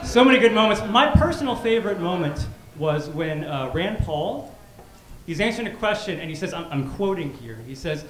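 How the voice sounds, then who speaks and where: A male comedian working a club crowd with a lively, punchy delivery. His voice sits high and leaps around a lot. The sound is roomy, with clear background noise from the club. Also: normal speed. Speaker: stand-up comedian. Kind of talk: stand-up comedy set. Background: audience laughter and club ambience.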